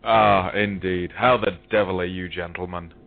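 A British man with a fairly low voice tells crude jokes in a dry, deadpan way. His voice comes through a narrow, tinny phone line. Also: moderate pace, vocal fry, a crowd in the background. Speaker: caller. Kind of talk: casual call-in chat.

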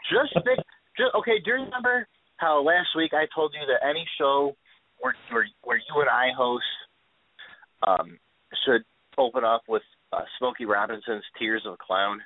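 A man's voice: mid-range voice, lively intonation, moderate pace. A man co-hosting a radio talk show, joking with a dry, sarcastic edge. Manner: wry, sarcastic jokes. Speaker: radio co-host. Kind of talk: casual radio banter. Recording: phone-like radio audio.

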